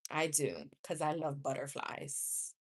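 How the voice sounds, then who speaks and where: A woman's voice: low-pitched, big pitch swings, slow, slightly rough. A woman in her thirties with a New York accent, chatting casually with viewers on a live stream, laughing often and wandering into asides. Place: home room.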